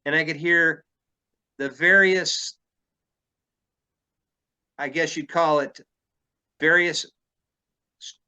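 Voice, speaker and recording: A man's voice: a little high, steady tone, slow, pauses often, sharp tone, clear, resonant tone. A man from Illinois, hosting an interview and explaining things at length, thinking aloud as he talks. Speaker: podcast host. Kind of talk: conversational interview.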